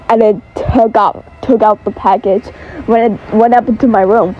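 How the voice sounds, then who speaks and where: A woman telling a homemade creepy story in a halting, stumbling way, restarting words. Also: fairly high pitch, dark tone, lo-fi sound, a little hiss or hum.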